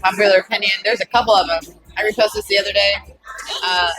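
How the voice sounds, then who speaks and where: A woman's voice: medium pitch, steady tone, quick pace, over music, rough recording. A woman comedian, a guest on a podcast, chatting casually and rambling with lots of filler words.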